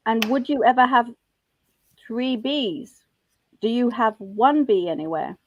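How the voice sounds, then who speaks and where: A woman's voice: fairly high pitch, a little slow, darkish tone, no echo, muffled recording. A woman hosting a live online maths lesson, chatting with her guest and thinking aloud.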